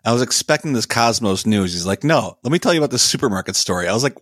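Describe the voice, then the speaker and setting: A man's voice: lowish voice, animated, a bit bright, dry recording, clean studio sound. A man co-hosting a podcast in casual chat, sweary and laughing as he tells stories. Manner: laughing, sweary, quick quips. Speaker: podcast co-host.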